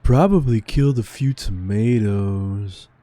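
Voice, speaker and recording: A man voicing an easygoing male ferry captain, reading video game dialogue aloud slowly. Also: on the low side, dark tone, dry recording, pitched above the performer's own voice, natural voice. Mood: friendly. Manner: slow, unhurried reading of dialogue.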